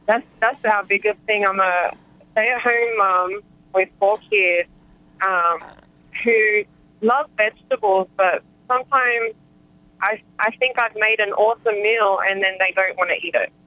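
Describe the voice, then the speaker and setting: A woman's voice: medium pitch, steady tone, unhurried, dry recording. A young adult woman calling in to an advice show, speaking hesitantly with many fillers. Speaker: caller. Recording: muffled phone line.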